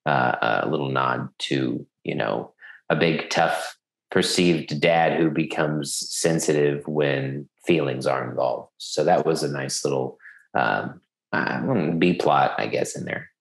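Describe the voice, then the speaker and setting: A man in casual conversation reviewing a film, talking in a halting way with many fillers. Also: extremely low pitch, creaky, echoey room. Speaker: podcast co-host. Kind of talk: casual movie review chat.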